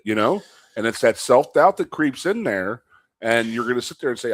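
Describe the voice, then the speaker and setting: A man co-hosting a casual chat show, telling old locker-room stories with lively, acted-out quotes. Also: moderate pace, no room sound. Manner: animated storyteller, acts out quotes in a high loud voice. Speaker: co-host and former college athlete.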